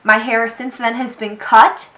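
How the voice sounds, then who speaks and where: Young woman vlogger, bright, slightly high voice, animated storytime delivery. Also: a little slow, rough recording. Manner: animated storytelling, quoting people with "he's like". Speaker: beauty vlogger. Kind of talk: storytime vlog.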